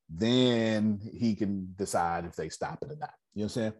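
A man leading a business meeting, telling animated motivational stories in casual slang with repeated words and dramatic pauses before listeners. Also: fairly low pitch.

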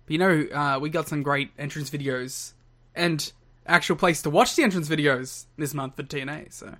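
A man's voice: on the high side, moderate pace, a bit bright. A man co-hosting a casual podcast, joking around, laughing often and putting on voices. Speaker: podcast co-host.

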